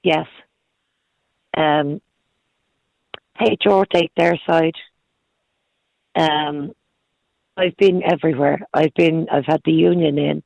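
Hoarse woman calling in slowly. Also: low voice, steady tone, darkish tone, dry recording, low-quality recording. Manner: halting, repeats words, earnest. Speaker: caller. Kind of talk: phone-in radio call.

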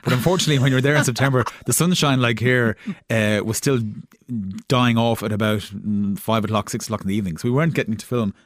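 A man's voice: mid-range voice, fairly even intonation, fast, no room sound, studio quality. An Irish man as an interview guest, telling stories in a rambling, casual way with many restarts. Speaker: guest, television maker. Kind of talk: casual anecdotal chat.

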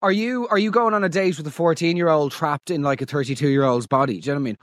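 An Irish man hosting a podcast, mocking listener stories in comic commentary with big theatrical swings in pitch. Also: fast talker, hardly any pauses, dry recording, studio quality. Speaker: podcast host.

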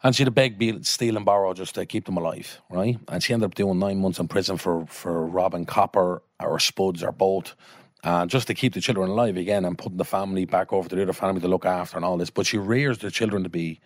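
An Irish man in casual conversation with a low voice. He tells a story with swearing and quick put-on voices. The recording is dry and close. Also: steady tone, no echo. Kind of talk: casual anecdote.

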